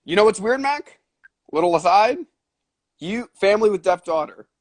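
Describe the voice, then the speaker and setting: A man hosting a podcast, chatting casually with frequent swearing and quick asides. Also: high voice, expressive, no echo. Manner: profane, quick asides, lots of filler. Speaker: podcast host. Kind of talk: casual chat.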